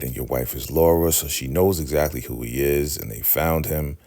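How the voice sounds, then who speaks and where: A man casually recapping a TV episode, retelling scenes in quick paraphrased quotes. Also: a bass voice, vocal fry, a little mellow. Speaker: recap host.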